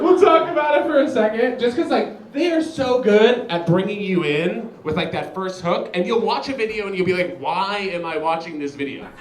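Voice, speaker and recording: A young man performing a stand-up comedy set, chatty and animated, talking straight to the crowd. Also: sits high, echoey room, poor audio. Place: comedy show venue.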